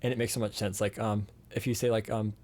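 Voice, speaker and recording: A man talks casually on a live stream in a slightly low voice. He rambles from thought to thought, full of fillers and restarts. He talks straight into a streaming mic. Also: little pitch movement, fast, darkish tone. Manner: rambling, filler-heavy, self-correcting. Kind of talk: casual chat.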